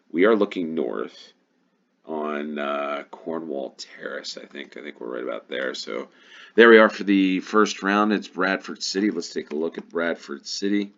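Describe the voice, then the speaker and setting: A man's voice: very deep voice, normal speed, gravelly, dull audio. An American man giving casual play-along commentary on a game, musing aloud and thinking to himself. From United States. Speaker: gaming YouTuber.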